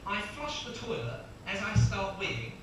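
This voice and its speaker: A man's voice: high voice, unhurried. Self-mocking stand-up man in his thirties. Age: 30s. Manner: chatty, self-mocking, bursts of laughter. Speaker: stand-up comedian. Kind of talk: stand-up comedy routine. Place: comedy venue with audience. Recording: echoey venue, distant mic, crowd noise.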